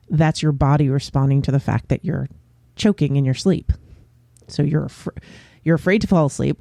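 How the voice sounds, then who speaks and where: Podcast guy just chatting, kinda high but really mellow voice, dry close sound. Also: dry recording. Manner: candid and open, with frequent pauses and fillers. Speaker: podcast host. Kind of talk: casual solo podcast chat.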